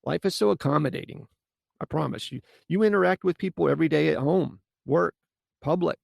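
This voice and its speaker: A man's voice: a little high, fairly quick, gravelly, no echo. A man hosting a solo advice podcast, talking bluntly and casually with mild swearing. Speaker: podcast host and coach.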